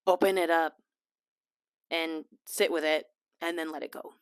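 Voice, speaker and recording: A woman hosting a casual podcast, chatty and laughing often, slipping into quiet asides. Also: fairly low pitch, moderate pace, no echo, studio quality. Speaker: podcast host. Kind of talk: casual chat. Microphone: small desk mic.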